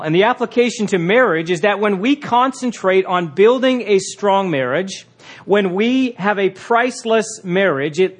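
A man teaching a session on marriage, talking conversationally with fillers and reading passages aloud. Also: sits high. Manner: conversational, with frequent fillers and restarts.

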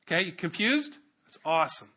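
A man's voice: high-pitched, very animated, brisk, bright, forceful tone, breathy edge. A male pastor preaching a sermon, joking with asides and repeating his key phrases.

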